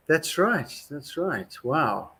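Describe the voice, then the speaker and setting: A man's voice: a little high, big pitch swings, takes it slowly, pushed and bright. A man in his sixties with a South African accent, a musician guest telling rambling, wry anecdotes in a casual interview. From Scotland, raised in South Africa.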